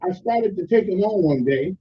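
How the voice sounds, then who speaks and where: A man's voice: sits high, expressive, normal speed, slightly rough, highs cut off. A man hosting a radio talk show, rambling and opinionated in a folksy way, with many restarts. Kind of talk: casual call-in radio commentary.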